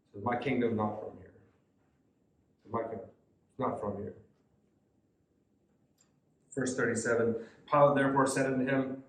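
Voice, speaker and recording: A man's voice: medium pitch, animated, normal speed, pauses often. A man teaches a youth Bible study in a casual, conversational way. He reads verses aloud and then talks through them in a mid-range voice. The room adds a roomy echo. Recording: echoey room.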